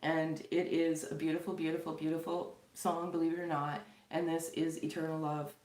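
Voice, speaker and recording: A woman's voice: sits low, flat delivery, normal speed, darkish tone. A middle-aged woman from Canada, a tarot reader chatting casually and loosely to her viewers, with many fillers and frequent laughs. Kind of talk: casual spiritual chat to viewers. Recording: echoey room.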